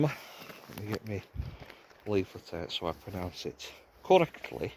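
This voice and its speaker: A man's voice: low voice, very animated, measured pace, vocal fry, long pauses, a little mellow, breathy edge. A young man from Lancashire chatting casually to camera for a travel vlog, rambling and laughing often, filmed outdoors at a forest campsite on a handheld camera. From Lancashire, England. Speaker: vlogger.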